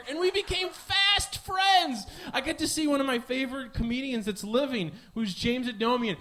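A young man with a strikingly high voice, hosting a podcast in a loose comic monologue. His tone is bright and sharp. He rambles, swears freely, mocks himself and jumps between mumbled asides and sudden yelps. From American Midwest. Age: 20s. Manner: rambling, profane and self-mocking, swinging from mumbles to yelps. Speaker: podcast host. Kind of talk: comedic monologue.

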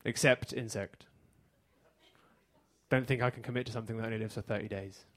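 An English man performing stand-up on a theater stage, his voice pitched at an ordinary middle level. He delivers his lines in a dry, deadpan way and lets each joke land flat. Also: a little fast. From England. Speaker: stand-up comedian. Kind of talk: stand-up comedy set.

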